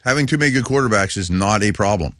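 A man co-hosts a sports radio show in a low voice that swings widely in pitch as he makes his case. He leans on "you know" and acts out quotes, and the sound is dry and close-miked. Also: fast, no echo. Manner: animated, emphatic, acts out quotes, says "you know" often. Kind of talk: casual sports talk.

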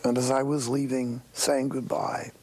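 An older man, a priest, giving a sermon in a wry, earnest storytelling way, with a raspy, breathy voice and many hushed asides. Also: mid-range voice, little pitch movement, unhurried.

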